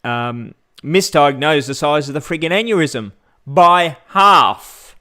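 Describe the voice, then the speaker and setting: A man's voice: a little high, slow, pushed and bright. Rambling Australian man chatting live. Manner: rambling, many fillers, greets viewers mid-story. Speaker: vlogger. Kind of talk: casual livestream chat.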